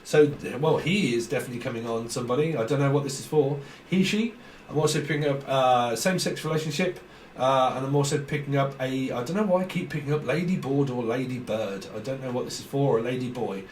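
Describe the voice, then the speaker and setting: A man's voice: medium pitch, animated, fast talker. A man with a British accent giving a casual, rambling tarot reading, thinking aloud and laughing often. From Britain. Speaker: tarot reader. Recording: roomy echo, slightly distant mic, faint noise.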